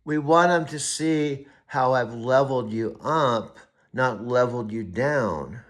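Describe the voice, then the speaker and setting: Insistent man with a bright, forceful voice. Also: medium pitch, slow pace. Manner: emphatic, insistent, repeats himself. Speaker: host and AI coach. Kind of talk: casual heated conversation.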